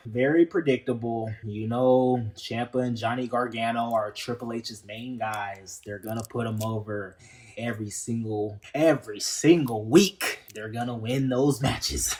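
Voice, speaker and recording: A man's voice: mid-range voice, steady tone, measured pace, a little mellow. Man, wrestling show reviewer; casual heated rant, sarcastic, stumbles over repeated words. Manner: repeats words and restarts often.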